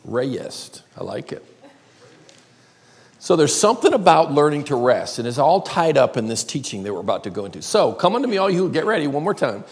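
An older man from South Carolina with a Southern accent, preaching a playful sermon and drawing words out slowly. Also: mid-range voice, very animated, darkish tone. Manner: playful, drawls words slowly, calls crowd y'all. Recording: long hall reverb.

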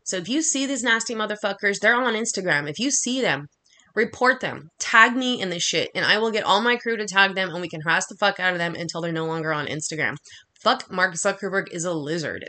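A woman delivering an angry, profanity-laced monologue, talking fast and heatedly. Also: on the low side, sharp tone. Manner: heated, swearing constantly, rapid rant.

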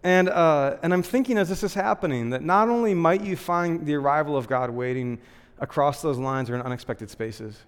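A man's voice: on the high side, moderate pace, smooth, long reverb tail. A man, a pastor, giving a casual conversational sermon, talking loosely with lots of "like" and "um" fillers. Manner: chatty, frequent "like" and "um" fillers, laughs lightly.

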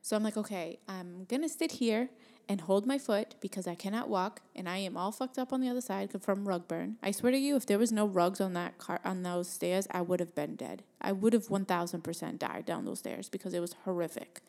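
A young adult woman telling a personal story in a casual, blunt way, swearing freely and getting animated. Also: medium pitch, a little fast.

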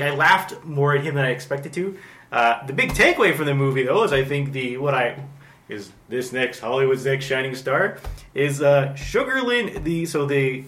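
A man's voice: mid-range voice, bright, forceful tone. A man hosting a casual chat, rambling with lots of fillers and restarts. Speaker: podcast host. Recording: echoey room.

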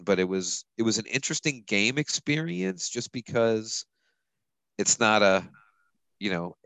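A man's voice: lowish voice, bright, forceful tone, no room sound, rough recording. A man hosting a casual sports podcast, rambling loosely and chuckling as he talks. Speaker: podcast host.

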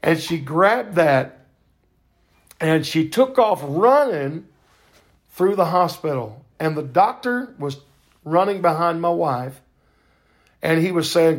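An older man hosting a podcast, telling a faith testimony in a fervent, preacher-like way with drawn-out emphasis. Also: a little high, expressive. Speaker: podcast host.

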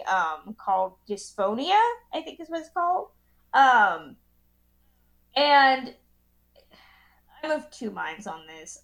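A woman with a fairly high voice hosts a casual chat. She reads out a listener question, then weighs her answer aloud and fills pauses with ums. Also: a bit bright. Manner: thinks aloud with frequent ums. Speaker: podcast host.

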